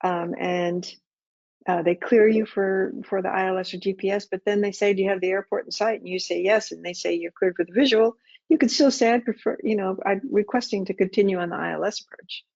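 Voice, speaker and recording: A middle-aged woman who used to work as an air traffic controller talks through pilots' questions in a practical, chatty way and acts out radio exchanges. Her voice has some gravel in it. The recording is dry and muffled, like a webinar feed. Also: mid-range voice, steady tone, brisk, a little mellow, dry recording. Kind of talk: webinar Q&A answers. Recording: dull muffled webinar audio.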